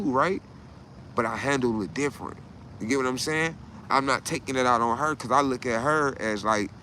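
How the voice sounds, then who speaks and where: A man's voice: medium pitch, pushed and bright, slight background noise. Profane rambling man on a live stream. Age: adult. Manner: rambling, profane, keeps asking "right?". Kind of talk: casual live stream monologue.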